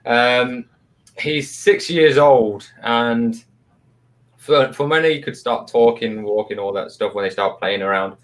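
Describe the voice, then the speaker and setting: A man's voice: mid-range voice, takes it slowly. A man co-hosting a live paranormal chat show, telling a story in a rambling way with lots of fillers, on a video call. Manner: rambling, many fillers and restarts.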